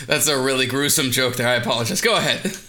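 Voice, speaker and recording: A man's voice: mid-range voice, fast, noisy background. A man co-hosting a casual comedy chat, rambling and joking with lots of restarts, acting out little voices. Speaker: podcast co-host.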